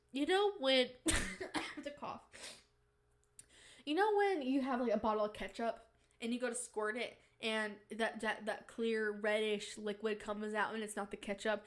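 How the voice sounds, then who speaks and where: A young woman hosting her podcast, rambling in a casual, animated way with many restarts. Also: fairly high pitch. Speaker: podcast host. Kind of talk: casual chat.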